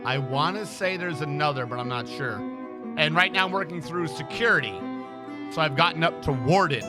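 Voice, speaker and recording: A man's voice: on the high side, normal speed, over music. A man streaming, chatting casually and rambling, swearing freely as he tells stories. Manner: rambling, swears freely, acts out dialogue in anecdotes.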